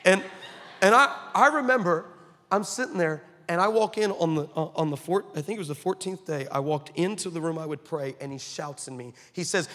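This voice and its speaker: A man preaching a sermon, telling stories with humorous asides and animated delivery. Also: a little high, a little fast. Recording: long hall reverb.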